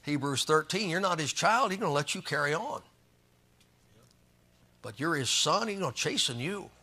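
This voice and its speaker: A man's voice: a little high, animated, normal speed, bright, forceful tone. A man preaching a sermon as pastor, reading scripture and joking in a folksy way.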